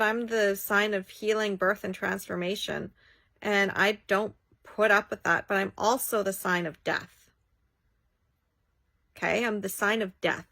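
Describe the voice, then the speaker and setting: Woman vlogger, casual monologue, emphatic delivery, crisp bright tone. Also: medium pitch, no room sound. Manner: emphatic, acts out quoted friends. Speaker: childbirth educator and coach. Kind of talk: casual talking-head monologue.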